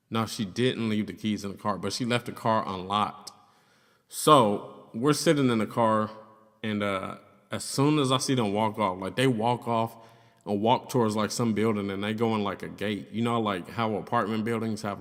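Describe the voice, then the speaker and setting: Young dude doing a storytime vlog, swears a lot, says like every other word, echo hangs in the room. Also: male voice, on the low side, normal speed, fairly bright tone. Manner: loose and profane, heavy on "like" and "you know what I'm saying". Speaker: YouTuber telling a story. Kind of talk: casual storytime. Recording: long reverb in the room.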